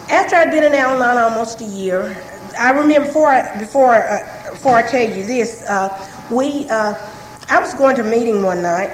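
High-voiced woman testifying. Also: echoey room, a little hiss or hum, low-quality recording. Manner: conversational, frank, repeats herself often. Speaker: speaker sharing her story at a recovery meeting. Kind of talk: personal testimony to a group.

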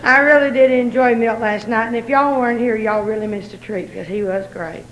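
A woman's voice: on the high side, fairly even intonation, a little fast, fairly bright tone, a little hiss or hum, low-quality recording. A woman speaking to a recovery meeting, folksy and teasing, laughing as she talks. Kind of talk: casual speech to an audience.

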